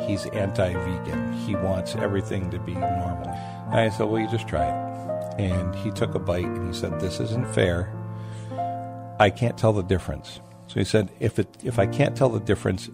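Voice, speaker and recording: A man, a food truck owner telling stories as a guest in a casual interview, animated and acting out the people he quotes. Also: low voice, gravelly. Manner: animated, acts out quoted voices.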